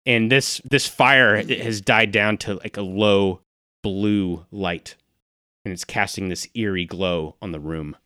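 A man running a tabletop game as game master, narrating the action in a relaxed, descriptive way between casual banter with his players. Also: on the low side, takes it slowly, no echo, studio quality.

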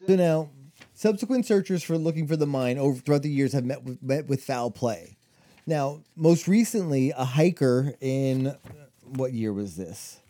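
A man's voice: mid-range voice, normal speed, warm tone. A man co-hosting a podcast, telling a story in casual chat, rambling with lots of fillers and restarts. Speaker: podcast co-host.

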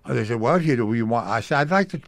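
A man's voice: medium pitch, animated, rapid-fire, gravelly, dry recording. An older man telling stories about his early radio career in an interview, acting out the voices of the people he quotes. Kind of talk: storytelling interview.

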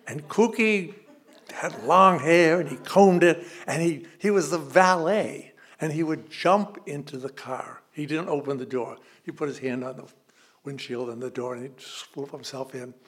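An older man telling a nostalgic personal story live on stage, relaxed and chatty, asking the audience questions. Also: on the high side, measured pace, breathy edge.

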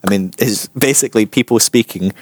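A man giving an informal church teaching, chatty and animated, acting out voices in his stories. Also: lowish voice, fairly quick, dry recording. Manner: chatty, animated, acts out quotes.

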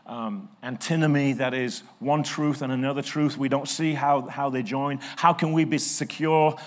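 Preaching a sermon, this medium-pitched, middle-aged male pastor alternates between quiet, unhurried passages and loud, forceful bursts.

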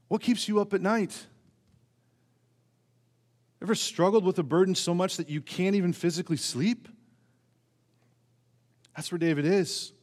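A male pastor preaching a sermon in earnest, asking the congregation rhetorical questions and swinging between raised emphasis and hushed, low passages. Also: moderate pace, pauses often. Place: church sanctuary. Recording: church sermon with long hall reverb.

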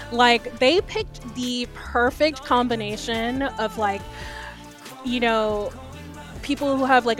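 A woman co-hosting a casual fan chat, talking with enthusiasm. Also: a little high. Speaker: podcast co-host.

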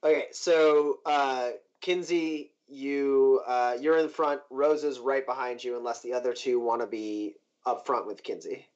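A man's voice: medium pitch, fairly even intonation, unhurried, few pauses, a little mellow. A man narrating as game master of a tabletop game, in loose speech full of "like" and "uh". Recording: dull lo-fi recording.

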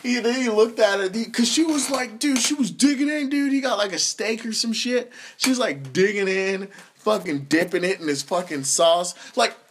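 A young man tells comedic stories on his podcast, swearing freely and laughing as he talks. His voice sits a little high for a man. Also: moderate pace, slight background noise. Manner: profane, animated, laughs through his stories. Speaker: podcast host. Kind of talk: comedic storytelling monologue.

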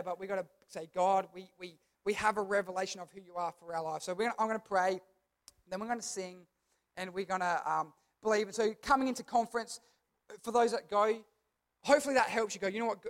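A man with a high voice preaches to a youth group. He is emphatic and keeps repeating key phrases. Now and then he asks the crowd to say words back to him. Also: fairly bright tone. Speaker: youth pastor. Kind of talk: sermon.

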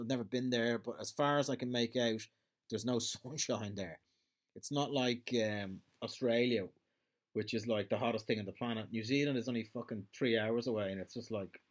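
A man's voice: medium pitch, steady tone, normal speed. A man with an Irish accent in a casual, rambling monologue, swearing freely and trailing off as he hunts for words. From Ireland.

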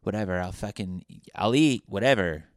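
A man's voice: on the low side, moderate pace, dry recording, natural voice. A man voicing a sulky young girlfriend who grudgingly goes along, sarcastic and swearing.

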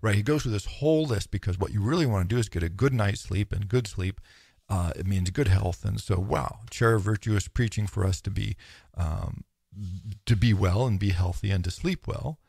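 A man's voice: on the low side, moderate pace, gravelly, darkish tone, slightly rough, no room sound, studio quality. A man giving an informal lecture on philosophy, talking in a thoughtful, musing way with many restarts and quoted asides.

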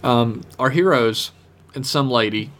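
A man's voice: mid-range voice, fairly bright tone. A man co-hosting a podcast, chatting casually and jokily about a TV episode, swearing and mimicking characters. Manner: laughing, swearing, acting out lines in quick put-on voices. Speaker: podcast co-host. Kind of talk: casual chat recapping a TV episode.

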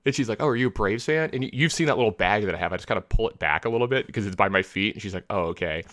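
A male podcast co-host tells a story in casual chat, retelling it in an animated, rambling way with heavy filler words. His voice is lowish and he talks quickly. The sound is dry and close, with no echo.

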